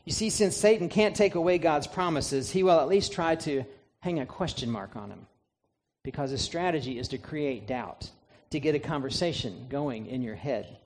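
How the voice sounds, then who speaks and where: A man's voice: fairly high pitch, moderate pace. A man preaching a sermon, emphatic, asking the listeners rhetorical questions and answering them himself. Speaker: pastor.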